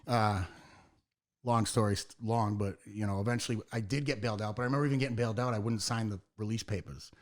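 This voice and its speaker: A man's voice: fairly low pitch, fast talker. An American man telling a wild tour story in a casual podcast chat, swearing freely and acting out the lines of everyone involved. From United States. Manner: animated, profane storytelling with acted-out quotes. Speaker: podcast guest, hardcore band singer.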